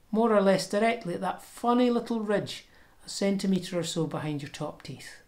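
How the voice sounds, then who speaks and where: Lowish woman teaching pronunciation. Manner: demonstrates sounds slowly and deliberately. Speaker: language teacher. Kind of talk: pronunciation lesson.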